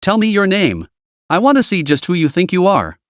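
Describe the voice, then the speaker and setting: Man playing thug security captain, sneering taunts, slightly high voice. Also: sing-song, normal speed, no echo, clean studio sound. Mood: mocking. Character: mocking thuggish male security captain.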